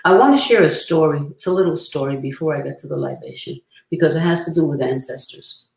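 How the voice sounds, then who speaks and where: A woman's voice: deep voice, creaky, a little mellow. Reverent woman presenter in a roomy space. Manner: earnest, reverent, pausing often to gather thoughts. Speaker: priestess and workshop presenter. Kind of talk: spoken workshop with recited prayer. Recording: roomy echo.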